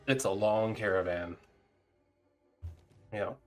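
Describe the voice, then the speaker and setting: Low voiced dm guy narrating the fight, lots of um, bit of music behind. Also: slow. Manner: relaxed, hesitant, many ums. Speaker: game master. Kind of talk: narrating a tabletop game.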